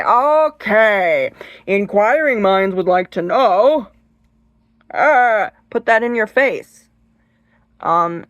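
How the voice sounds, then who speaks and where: A woman's voice: on the low side, no echo. A woman hosting her own channel, giving casual advice in a chatty, rambling way, full of restarts and acted-out shrieks. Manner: emphatic, acts out shrieks and gestures. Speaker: channel host giving advice on haunted objects.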